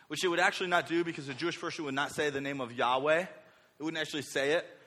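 A young male pastor with a high, bright voice preaches with energy, acting out quoted speakers as he goes. A long reverb hangs on each phrase. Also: quick pace. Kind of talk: sermon. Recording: reverberant hall.

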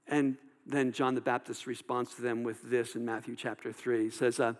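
A man's voice: mid-range voice, level tone, moderate pace, hardly any pauses, big-room sound. A male pastor preaching a sermon in a loose, conversational way, full of fillers and restarts. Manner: conversational, many fillers and repeated words.

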